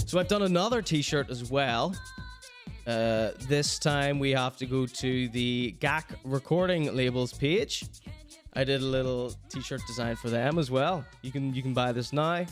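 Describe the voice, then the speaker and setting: A man's voice: medium pitch, unhurried, faint music behind. A man hosting his own online show, plugging t-shirts in a joking, rambling, self-mocking way. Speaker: show host.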